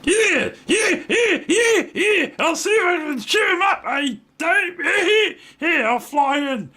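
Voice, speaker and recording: A man with a New Zealand accent voicing a chirpy, playful male toy penguin in a squeaky voice that repeats itself quickly. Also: lively intonation, bright, forceful tone, full character voice. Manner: squeaky, repeats "yeah" rapidly, giggly.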